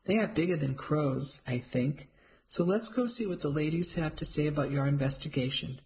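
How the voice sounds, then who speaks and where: A narrator voicing a calm, dry-witted older aunt in an audiobook, speaking quietly and evenly. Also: medium pitch, moderate pace, close to an everyday voice. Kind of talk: audiobook character voice.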